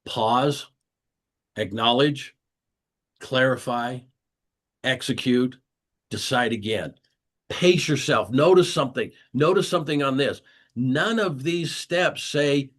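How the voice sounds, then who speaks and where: A man's voice: medium pitch, slow, pauses often, fairly bright tone. Earnest man giving a motivational talk. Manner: earnest, repeats key phrases for emphasis. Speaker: motivational speaker hosting a weekly call. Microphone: video call.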